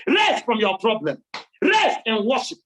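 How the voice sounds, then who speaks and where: A man with a Nigerian accent preaching a fervent sermon in church, often shouting in repeated rising phrases. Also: sits high, wildly swooping pitch, a little slow, a little hiss or hum, low-quality recording.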